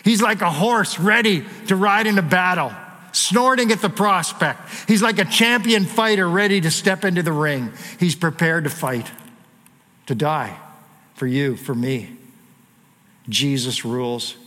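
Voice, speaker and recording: A man's voice: high voice, unhurried. Man preaching in an echoing hall. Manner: animated preaching with rising emphasis and light jokes. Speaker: pastor. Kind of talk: sermon.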